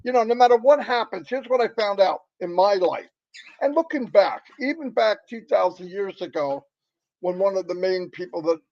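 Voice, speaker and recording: A middle-aged man giving an impassioned motivational talk, emphatic and excitable, often repeating himself. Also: high-pitched, muffled recording. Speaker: motivational speaker.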